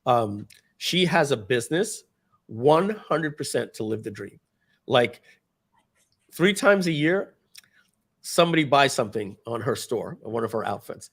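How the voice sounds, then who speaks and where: A middle-aged man talks loosely through a software pitch on a live stream. He rambles, restarts his sentences and leans on fillers, and he jumps into animated voices when he quotes people. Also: measured pace, long pauses. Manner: animated, acts out quoted dialogue. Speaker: host presenting software. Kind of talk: casual live-stream sales talk.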